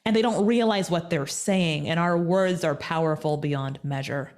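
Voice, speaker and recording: A woman guest in an interview, talking in an energetic, emphatic, motivational way. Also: low voice, moderate pace. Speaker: guest, media personality. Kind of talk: conversational interview.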